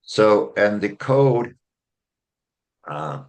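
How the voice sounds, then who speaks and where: Low-voiced man laying out a case. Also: lively intonation, very slow. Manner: earnest, builds a case step by step with "okay?" check-ins. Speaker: author and attorney guest. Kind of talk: explanatory interview talk.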